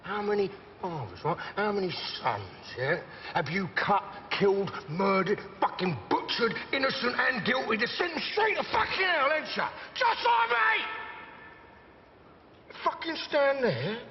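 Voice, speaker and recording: An actor playing a volatile, swaggering middle-aged London gangster with a gruff, profane, rambling manner and a London accent. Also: male voice, sits high, big pitch swings, moderate pace, hardly any pauses, big-room sound, dull audio, slight background noise. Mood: ranting. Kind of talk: TV crime drama acting.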